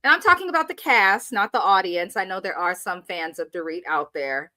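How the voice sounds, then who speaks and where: A woman's voice: medium pitch, animated, a little fast, bright, forceful tone, dry recording. A woman co-hosting a casual reality TV recap, blunt and sassy, reading viewer comments aloud. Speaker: show co-host.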